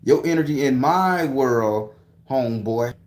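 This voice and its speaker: A man's voice: mid-range voice, animated, unhurried, darkish tone, lightly acted. A man doing a cocky picking-a-fight squirrel. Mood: taunting. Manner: brash, taunting. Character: cocky aggressive squirrel, small male, looking for a fight.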